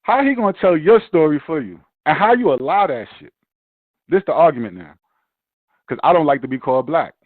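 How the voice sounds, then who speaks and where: Brief: fired-up New guy, slightly high voice, dry and tinny sound, swears a lot. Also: a little fast, no echo. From Brooklyn, New York. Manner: profane, animated ranting. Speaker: podcast host. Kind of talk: casual chat.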